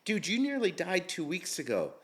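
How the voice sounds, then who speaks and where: A man's voice: sits high, huge pitch swings, normal speed, a bit bright. Middle-aged man, interview guest; candid, casual storyteller, slangy and profane. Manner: candid, slangy, swears freely.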